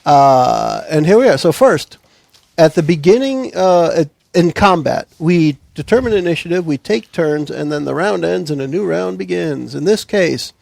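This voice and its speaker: Guy game-mastering a tabletop rpg, kinda high voice with gravel in it, dry close mic, reads rules out, loses his place sometimes. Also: animated, normal speed, darkish tone, dry recording. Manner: loose and chatty, stops to look things up. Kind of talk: running a tabletop game, reading rules aloud.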